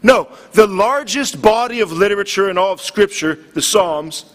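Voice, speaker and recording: A man's voice: sits high, expressive, normal speed. A man preaching a sermon, earnest and building in intensity. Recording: long hall reverb.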